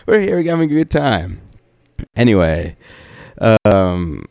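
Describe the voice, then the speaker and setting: A man's voice: fairly low pitch, very animated, unhurried, vocal fry, darkish tone, dry recording, clean studio sound. A young man hosting a podcast, telling a rambling story in a laid-back, profane way with lots of fillers. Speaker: podcast host.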